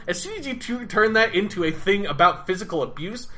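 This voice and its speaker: A man's voice: high-pitched, lively intonation, fairly quick, hardly any pauses, bright, forceful tone. Young man, rambling, fired-up co-host. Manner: rambling, lots of "like" and swearing, gets heated. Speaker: podcast co-host. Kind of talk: casual podcast chat.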